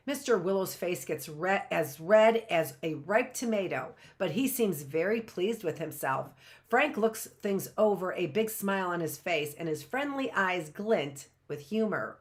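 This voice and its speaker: A woman hosting a live reading, narrating a novel in an expressive, lively way. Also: on the low side, a little slow. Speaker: host reading a book aloud.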